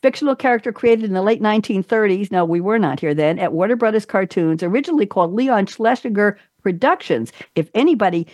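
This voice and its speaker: A woman hosting a talk show, chatting playfully with guests and making quick asides. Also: mid-range voice, animated, a little mellow, dry recording. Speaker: podcast host. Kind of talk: casual interview talk show.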